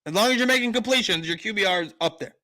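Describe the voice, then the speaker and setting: Man, sports stream host, casual chat, rambling, bright forceful voice. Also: sits high, racing. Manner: rambling, lots of fillers and restarts, argumentative.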